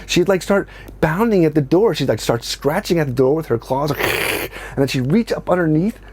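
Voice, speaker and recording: A middle-aged man telling a comic personal story in a casual, animated way, swearing freely and acting out what people said. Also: a little high, moderate pace, a little hiss or hum.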